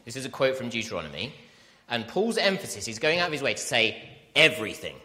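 A man preaching a sermon to a congregation, emphatic and animated, often asking his listeners questions. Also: mid-range voice, fast talker, long reverb tail.

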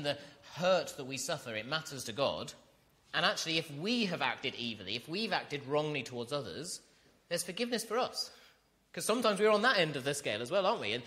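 A man's voice: on the high side, sharp tone. A man preaching an earnest sermon, reading scripture and building to emphatic repetition.

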